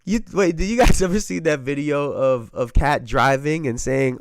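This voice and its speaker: A man's voice: fairly high pitch, moderate pace, few pauses, no echo. A man hosting a sports podcast, talking casually and with a lot of profanity, often repeating himself and breaking into laughter.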